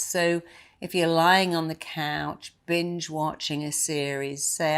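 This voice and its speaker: Low-voiced woman giving a pep talk. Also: level tone, slow pace, clear, resonant tone. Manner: emphatic, repeats phrases for effect. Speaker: motivational speaker. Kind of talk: motivational talk to camera.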